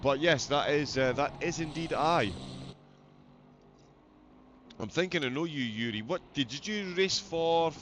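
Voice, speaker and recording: A man's voice: on the high side, animated, measured pace, pauses often, noisy background. A man with a Scottish accent giving live commentary on a sim race, chatty and joking as he reads out viewer messages. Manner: chatty, jokey, reads out chat.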